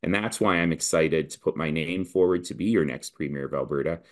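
A man from Canada with a very deep, low voice speaks as a political candidate in a podcast interview. His delivery is animated and persuasive, building points through rhythmic repetition like a campaign speech. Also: brisk, hardly any pauses.

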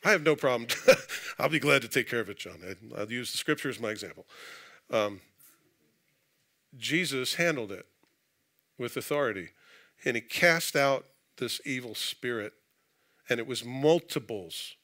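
A man preaching to his congregation in a church, his voice bright and forceful. He reads scripture and then breaks into casual, joking asides. His delivery stays conversational throughout. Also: medium pitch, expressive, normal speed, long pauses. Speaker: pastor. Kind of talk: sermon. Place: church sanctuary.

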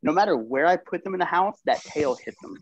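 A man's voice: high voice, animated, fairly quick, low-quality recording. A man appearing as a guest on a casual video podcast, talking in an easygoing, slightly sheepish way.

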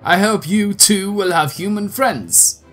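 A man voicing a proud male demon general and father with a gruff, put-on voice over a video game. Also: high-pitched, slow pace, a bit bright, faint music behind. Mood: solemn.

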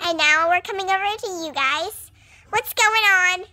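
A woman's voice: very high voice, moderate pace, heavy background noise. A woman voicing a cheeky young mare, a project pony, chatting playfully in a teasing comic voice-over with lots of "like".

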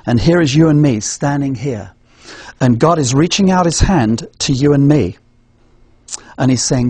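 Man, English accent, husky voice, earnest teaching tone, rhetorical questions, dry close sound. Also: mid-range voice, darkish tone, no room sound. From England. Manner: earnest, asks rhetorical questions and answers them. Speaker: evangelism trainer. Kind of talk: demonstrating a gospel presentation.

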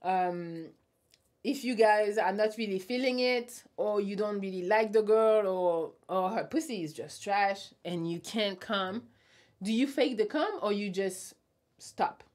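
A woman's voice: mid-range voice, a little slow, darkish tone. A young adult woman hosting a casual live stream, reading out viewer comments and answering them bluntly with a teasing tone. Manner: blunt, teasing, laughs often.

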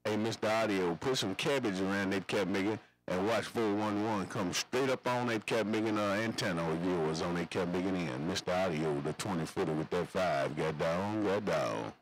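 Deep-voiced man on CB radio. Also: moderate pace, hardly any pauses, a little hiss or hum, rough recording. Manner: rambling, slangy, repetitive radio lingo. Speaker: CB radio operator. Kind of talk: CB radio chatter.

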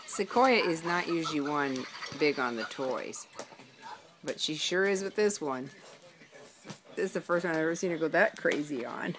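A woman's voice: deep voice, expressive, unhurried, pauses often. A woman filming her dogs at home, coaxing them in sing-song pet talk and laughing often. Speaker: dog owner filming her pets. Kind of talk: casual home video. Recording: noisy home video with dogs. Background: dogs playing and huffing.

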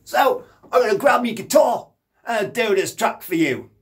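A man's extremely high, animated voice moves at a normal speed as he rambles cheekily in character. He is playing a brash, boozy, scatterbrained punk singer and guitarist for a comedic monologue.

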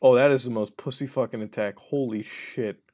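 A man hosting a casual gaming commentary, profane and excitable, often breaking into laughter. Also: mid-range voice, normal speed. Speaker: host.

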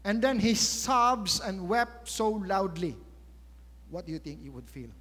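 A high-pitched Filipino man delivers a sermon in a big church hall, and long reverb trails each phrase. He tells the story emphatically, stopping to put rhetorical questions to his listeners. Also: sing-song, measured pace, fairly bright tone. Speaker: preacher.

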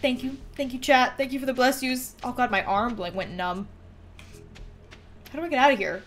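A woman chatting casually as she streams a game, reacting out loud and talking to her chat. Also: high voice, moderate pace, long pauses.

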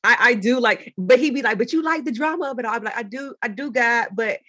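Woman guest, somewhat high and husky, very animated storyteller. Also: fast talker. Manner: animated storytelling with excited high quoted voices. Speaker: interview guest. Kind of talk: casual interview chat.

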